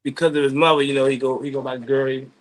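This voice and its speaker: A man in casual chat on a video call from his office, talking in loose slang with lots of halting restarts. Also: mid-range voice, little pitch movement. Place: office at work.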